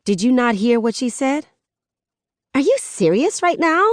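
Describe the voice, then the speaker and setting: A woman voicing an indignant, defensive teenage girl in an audiobook, her lines rising high and accusing. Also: sing-song, unhurried, dry recording, clean studio sound. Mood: incredulous. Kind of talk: audiobook narration.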